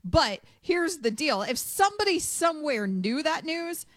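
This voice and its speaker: A woman hosting a sports radio show, brisk and pointed, raising questions and building her case. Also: high voice, very animated, fairly bright tone, no echo, studio quality. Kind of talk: sports radio talk with read ads.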